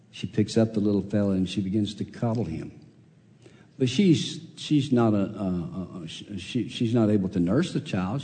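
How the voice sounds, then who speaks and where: Folksy preacher in an echoing hall. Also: male voice, medium pitch. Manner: folksy storytelling, swings between loud and soft. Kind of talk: sermon. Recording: long hall reverb.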